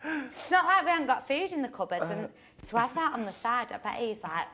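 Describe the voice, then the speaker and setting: Woman on a reality show feed going off about something, high voice, swears loads, laughs mid-rant, bit of hiss. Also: very animated, brisk, sharp tone. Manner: ranting, heavy swearing, laughing as she talks. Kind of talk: late-night chat. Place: shared house bedroom at night.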